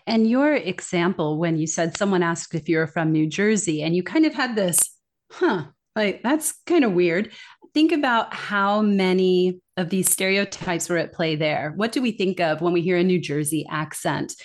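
Woman guest on a podcast, lowish voice, earnest and animated explaining. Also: normal speed, hardly any pauses. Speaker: guest expert on accent bias. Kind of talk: conversational podcast interview.

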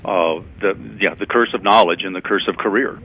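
A man's voice: low voice, brisk, husky. A man speaking as a guest on a radio talk show, telling stories in a conversational way and acting out quoted lines. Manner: conversational storyteller, acts out quotes. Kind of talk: radio interview, anecdotal explaining. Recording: tinny phone-like radio sound.

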